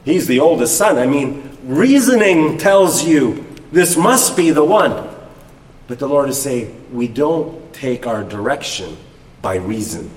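A man giving a thoughtful, measured comment during a Bible study. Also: mid-range voice, expressive. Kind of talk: reflective teaching comment. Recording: distant mic in echoey hall.

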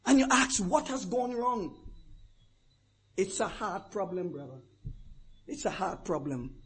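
High-voiced fervent preacher. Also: male voice, measured pace, slight background noise. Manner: fervent, swinging from hushed asides to shouted declarations. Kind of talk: sermon.

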